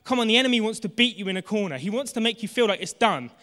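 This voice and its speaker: A fervent preacher in his thirties delivers a sermon in a high, bright voice. He drops to near-hushed tones, then climbs to shouting. The sound carries the long reverb of a large hall. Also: animated, rapid-fire. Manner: impassioned, swings from hushed to shouting. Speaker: pastor.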